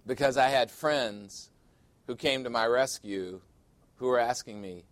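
A man's voice: measured pace, dry recording. Candid pastor man, dry close sound. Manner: candid, confiding, often drops to a low aside. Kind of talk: conversational sermon.

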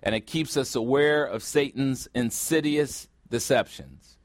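A man's voice: mid-range voice, measured pace, no room sound, clean studio sound. A man preaching a sermon as pastor, blunt and sarcastic, with mocking asides to his congregation.

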